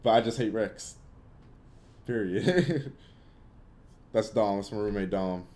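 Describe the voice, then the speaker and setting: A young man hosts a laid-back livestream Q&A, answering viewers with blunt, opinionated takes and loose, rambling filler. His voice sits low, and its tone is dark and mellow. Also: slow pace. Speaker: livestream host answering chat. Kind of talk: casual Q&A livestream chat.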